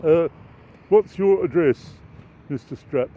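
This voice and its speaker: A man's voice: a little high, takes it slowly. A man voicing a stiff, sarcastic policeman who questions someone in formal officialese, recorded outdoors on a dull, lo-fi track with traffic noise. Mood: officious.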